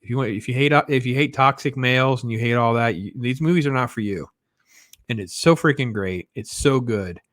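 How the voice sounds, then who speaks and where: A man's voice: medium pitch, fairly quick, fairly bright tone, dry recording, studio quality. A man giving a casual, enthusiastic film review, rambling with lots of fillers and restarts. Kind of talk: casual spoken movie review.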